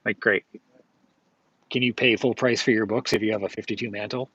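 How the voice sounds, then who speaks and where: A man's voice: fairly low pitch, fairly even intonation, fast talker, a bit bright, slightly rough, no echo, muffled recording. A man streaming from his flea market stall, chatting casually in a rambling way, with many fillers and self-corrections. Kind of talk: casual live-stream chat.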